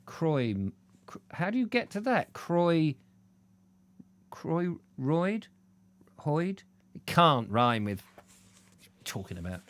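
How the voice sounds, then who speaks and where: A man's voice: a little high, very animated, slow, pauses often. A man reading a travel book aloud, breaking off into playful, self-mocking comic asides. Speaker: audiobook reader.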